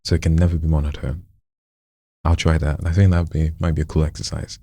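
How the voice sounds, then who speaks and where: A man coaching a friend in voice acting, demonstrating lines with lively swoops of pitch. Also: a little fast, husky. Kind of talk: casual coaching session.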